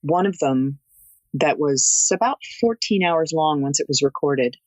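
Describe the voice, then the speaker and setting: A woman audiobook narrator talking as a guest in an interview, articulate and expressive like a storyteller. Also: low-pitched, unhurried, no room sound, poor audio. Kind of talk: interview conversation.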